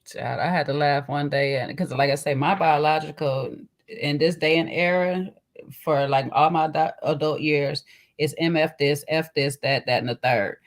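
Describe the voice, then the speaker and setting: A woman's voice: deep voice, moderate pace. A woman co-hosting a casual podcast chat, telling stories with lots of laughter and speech. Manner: animated storyteller, laughs often, says "child" and "okay". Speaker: podcast co-host.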